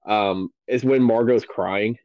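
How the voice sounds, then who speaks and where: Lower-voiced man, rambling movie-fan chat. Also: steady tone, slow pace, no echo, highs cut off. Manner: enthusiastic, rambling with many fillers. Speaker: podcast guest. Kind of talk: casual podcast chat.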